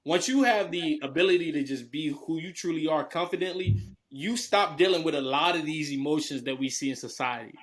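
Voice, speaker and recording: A man's voice: on the high side, brisk. Earnest young man on a podcast. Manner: earnest, emphatic, fillers like "you know what I'm saying". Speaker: podcast co-host. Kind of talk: casual podcast discussion.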